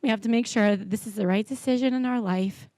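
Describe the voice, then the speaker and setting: A woman's voice: on the high side, quick pace, warm tone, dry recording. A woman in her thirties giving a heartfelt, rambling wedding toast.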